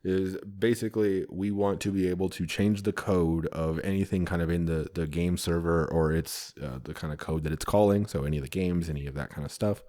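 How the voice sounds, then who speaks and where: A man's voice: deep voice, steady tone, a little fast, hardly any pauses, dark tone. A man co-hosting a podcast, talking casually and rambling about code, with some swearing. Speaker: podcast co-host, developer. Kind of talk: casual technical chat.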